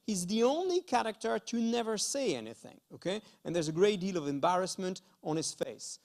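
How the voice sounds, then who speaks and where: A man's voice: high-pitched, sing-song, brisk, darkish tone. A middle-aged man with a French accent giving a conference lecture, hesitant, with many fillers and restarts and a frequent "okay?". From France. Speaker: university lecturer. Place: school conference hall.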